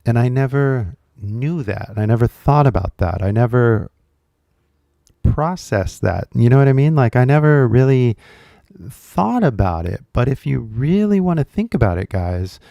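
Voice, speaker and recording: Creaky man, chatty teacher. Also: mid-range voice, animated, measured pace, dry recording, dull audio. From California. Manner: chatty, rambling, full of fillers. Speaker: English teacher. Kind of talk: casual podcast talk.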